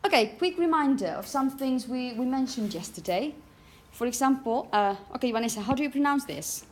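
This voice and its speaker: A woman's voice: high-pitched, expressive, fairly quick, slight background noise. A woman teaching a pronunciation class, calling on students by name and correcting them encouragingly. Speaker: phonetics teacher.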